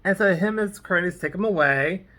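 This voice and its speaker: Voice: medium pitch, brisk, a bit bright. A vlogger casually recapping a TV episode, rambling off on tangents with lots of "like" and "um". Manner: fillers like "like" and "um". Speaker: TV episode reviewer.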